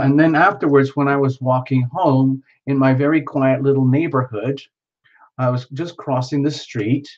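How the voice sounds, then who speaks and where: A man's voice: on the high side, muffled recording. A man hosting a live tarot stream, chatting casually to viewers in a rambling, playful, teasing way. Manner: rambling, playful and teasing, with many fillers and restarts.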